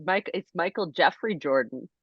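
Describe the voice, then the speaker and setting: A woman's voice: on the low side, expressive, moderate pace, slightly rough, no room sound. A woman who is a guest on a podcast, teasing the hosts and laughing often during casual chat. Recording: dull, lo-fi sound.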